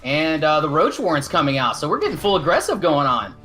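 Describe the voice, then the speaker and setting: Brief: male esports color commentator, rambling and self-deprecating, slightly high voice, soft music behind. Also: big pitch swings, a little fast. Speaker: esports co-caster.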